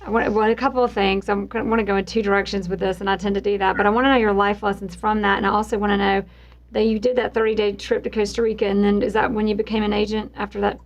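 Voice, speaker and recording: Woman, podcast host, curious, playful, mid-pitched voice. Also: little pitch movement, very fast. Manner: curious, joking, asks long winding questions. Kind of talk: conversational interviewing.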